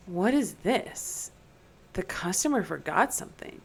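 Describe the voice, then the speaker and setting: A woman's voice: on the low side, lively intonation, a little slow, a little hiss or hum, low-quality recording. A young woman streaming a horror game, reading in-game text aloud and talking through her fear. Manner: jittery, scared commentary, reads in-game text aloud. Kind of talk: gaming livestream commentary.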